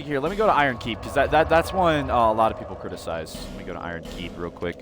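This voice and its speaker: A man's voice: fairly low pitch, fast, few pauses, a bit bright, slight background noise. A man ranting loosely while playing a game, rambling and often restarting his sentences. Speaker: gaming video creator. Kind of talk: unscripted gameplay rant.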